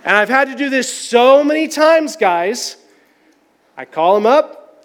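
A man's voice: very high voice, lively intonation, slow pace, in a large hall. A man preaching a sermon, telling a personal story in a candid, conversational, self-deprecating way. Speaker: pastor.

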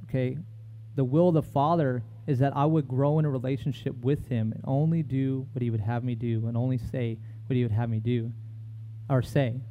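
A man's voice: medium pitch, fairly even intonation, normal speed. Man preaching with a dull, lo-fi sound. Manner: conversational, reads scripture aloud. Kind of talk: sermon.

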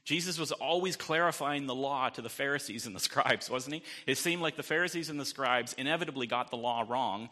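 A male pastor delivers a sermon in a bright, forceful voice that carries a long reverb through a church hall. He keeps it conversational, checking in with the congregation with "right?" and slipping in light jokes. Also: mid-range voice.

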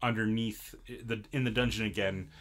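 Bright-voiced man recapping an episode. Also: lowish voice, steady tone, moderate pace. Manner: rambling with many fillers and restarts. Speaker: podcast co-host. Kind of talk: casual anime episode recap.

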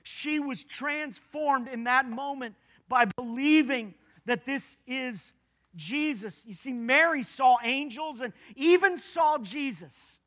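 A man delivering a sermon with a strikingly high voice. His tone is bright and forceful. He presses each point earnestly and circles back to repeat key phrases for emphasis. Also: takes it slowly. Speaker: pastor.

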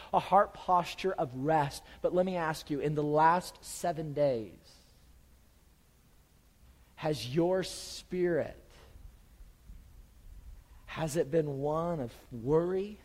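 A man preaching a sermon as pastor, swinging from urgent, raised emphasis to quiet, soft reassurance. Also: on the high side, in a large hall, low-quality recording.

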